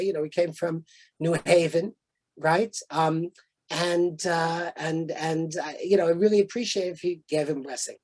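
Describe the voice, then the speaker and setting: A man lecturing on a video call, telling anecdotes in a relaxed conversational way with frequent fillers and restarts. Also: fairly high pitch, unhurried. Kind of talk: storytelling lecture.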